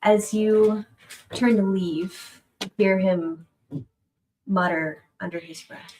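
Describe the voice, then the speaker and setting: A woman's voice: mid-range voice, fairly even intonation, slow pace, darkish tone, slight background noise, rough recording. A woman narrating as game master of a tabletop game, chatty and given to laughing, dropping to a whisper for suspense.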